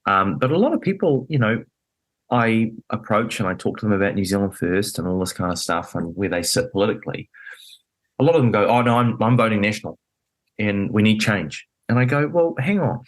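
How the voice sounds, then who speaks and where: Appearing as a guest in a podcast studio, a man talks politics with animated indignation, leaning hard on his points and filling his speech with fillers. His voice is fairly low and sing-song, and he talks fairly quickly.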